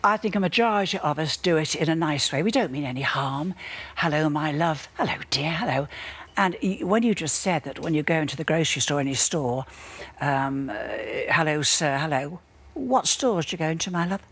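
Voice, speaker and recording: A woman's voice: low-pitched, expressive, fairly quick, breathy edge. An older woman, a TV guest in a heated studio debate, who talks bluntly and scornfully and calls others dear.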